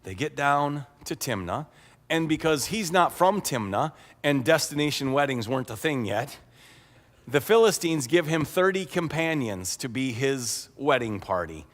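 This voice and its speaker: A man's voice: medium pitch, expressive, measured pace. A man preaching a sermon as pastor, retelling a story in a humorous, conversational way. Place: church sanctuary. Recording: echoey church hall.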